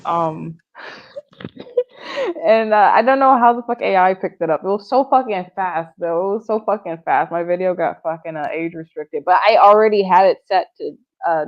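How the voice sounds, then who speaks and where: A woman in casual livestream chat, slangy and swearing, her voice often trailing off quietly. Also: on the low side, measured pace, dull audio.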